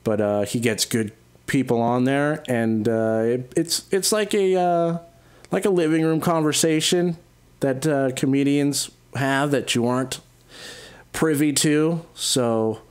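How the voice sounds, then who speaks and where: A man hosting a podcast, introducing a comedy clip in a relaxed, halting way with many fillers. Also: mid-range voice, clear, resonant tone. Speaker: podcast host.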